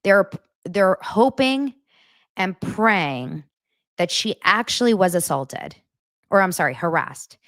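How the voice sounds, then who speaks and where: A woman hosting her own podcast, talking straight to her listeners in animated, casual commentary with lots of filler words. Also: medium pitch, takes it slowly, no room sound, clean studio sound. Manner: animated, talks directly to listeners, many "like" fillers. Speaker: podcast host.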